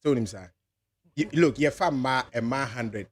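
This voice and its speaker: A man's voice: mid-range voice, animated, moderate pace, husky. A man with a Ghanaian accent hosting a radio talk show, arguing his point steadily in English and Twi. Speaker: radio host. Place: radio studio.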